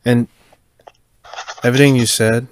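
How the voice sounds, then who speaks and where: A man's voice: medium pitch, flat delivery, unhurried, a little hiss or hum. A young adult man hosting a podcast, asking questions in a hesitant way, searching for words. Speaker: podcast host. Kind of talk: casual interview questions.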